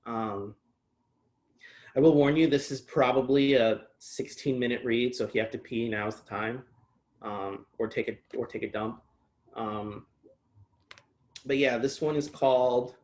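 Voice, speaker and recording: A man's voice: mid-range voice, fairly even intonation, unhurried, long pauses, a little mellow, poor audio. A man with an ordinary mid-range voice reads his own short story aloud. Before he starts he adds dry, wry asides to the listeners. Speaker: author reading his fiction.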